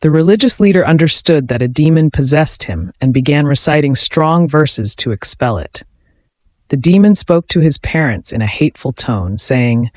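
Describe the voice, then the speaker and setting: A man's voice: medium pitch, no room sound. Man narrating a scripted horror story. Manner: steady, measured storytelling.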